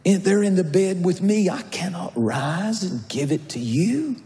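A man's voice: high voice, lively intonation, measured pace, dark tone, pitched above the performer's own voice. A man voicing a grumpy, sleepy neighbor who has been woken at midnight, exasperated and half-whispering. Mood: annoyed. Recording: echoey church hall.

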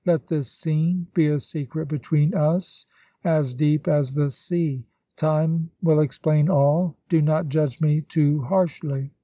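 A man reading as a sorrowful gentleman. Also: fairly high pitch, fairly even intonation, slow, no room sound. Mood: solemn. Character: grave, sorrowful gentleman suitor.

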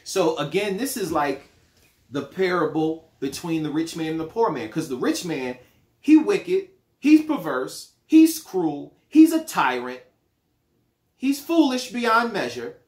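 A man teaching a bible study in a playful, animated preaching manner. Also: a little high, a little slow. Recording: roomy echo.

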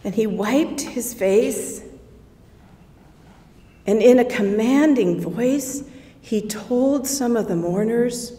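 A grieving sister recounts the moment in awe, as a woman performs her in a worship service. She tells it slowly and with feeling, dropping to a hush when things grow tense. Her fairly high voice rings with the long reverb of a church hall. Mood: earnest, awed. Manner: emotional storytelling, drops to whispers at tense moments. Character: grieving adult woman sister, awestruck witness. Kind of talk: first-person dramatic monologue in a worship service. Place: church sanctuary.

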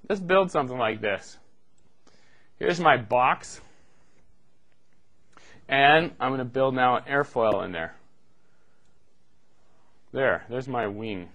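A man's voice: medium pitch, lively intonation, slow pace, pauses often, fairly bright tone. A middle-aged man giving a live university lecture, explaining steps in a loose, joking way with frequent "okay" and "right.".

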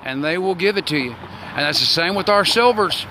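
A man in his sixties giving a rambling, preachy folksy monologue outdoors, with loud bursts. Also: high voice, animated, fairly quick, a little hiss or hum. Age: 60s. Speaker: online talk show host.

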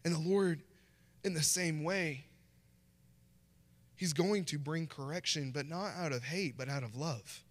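A man's voice: a little high, measured pace, pauses often. A man preaching a conversational sermon as a guest pastor in a church. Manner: conversational, acts out short quoted voices. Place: church sanctuary. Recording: long church hall reverb.

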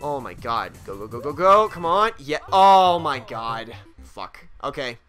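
A man commentating his own game play, excitable and prone to panicked, swearing outbursts while talking to the game character. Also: medium pitch, a little slow, soft background music. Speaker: gaming let's play host.

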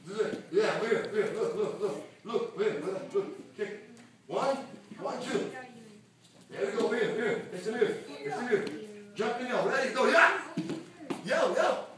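Distant, echoing taekwondo instructor. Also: medium pitch. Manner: brisk, repeated commands with loud yells. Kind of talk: coaching a children's class. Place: large echoey training hall. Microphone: camera far across the room. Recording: very echoey hall, voice from far off, noisy.

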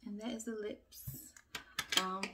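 A chatty woman at home talks her viewers through her makeup in a loose, self-mocking way. Her voice sits at an ordinary middle pitch. She keeps it casual and friendly, like a mother who likes filming. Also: little pitch movement, a little slow, very noisy. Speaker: beauty vlogger and mother. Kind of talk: casual get-ready-with-me chat. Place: at home, upstairs room.

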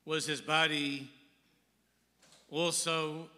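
A man's voice: a little high, steady tone, very slow, pushed and bright. A man giving a sermon as a rabbi, telling a story and quoting Hebrew texts with English translation. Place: large synagogue hall. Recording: long hall reverb.

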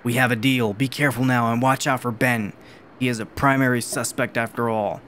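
A man voicing a stern adult male private investigator in a horror game, reading the lines flatly and plainly. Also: mid-range voice, a little fast, a little hiss or hum, natural voice.

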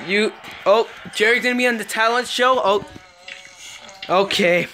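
A woman's voice: mid-range voice, unhurried. Brief: woman, toy play narrator, bossy and exasperated, hissy clicks behind.

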